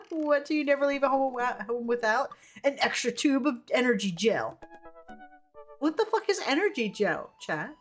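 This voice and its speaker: A woman streamer chats through a game, laughing often and reading viewers' messages aloud. Her voice is fairly high, with faint game music underneath. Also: very animated, normal speed. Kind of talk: casual gameplay commentary.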